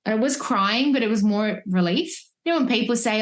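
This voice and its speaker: A mother of three, speaking in a fairly high voice at a moderate pace, tells her birth story as a podcast guest, chatty and reflective with many restarts. She's at home holding a baby, wearing headphones for the remote recording.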